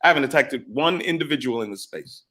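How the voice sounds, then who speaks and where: A middle-aged man telling stories in a casual chat, animated and acting out both sides of past arguments. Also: medium pitch, fast. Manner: animated, retells arguments in quoted voices. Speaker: podcast guest. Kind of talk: casual storytelling.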